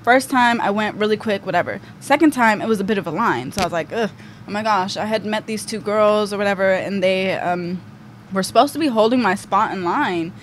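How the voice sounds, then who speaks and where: A woman's voice: medium pitch, brisk. A young woman guest on a podcast, telling a story casually with lots of "like" and "um". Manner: chatty, full of fillers like "like" and "um". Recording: faint background noise.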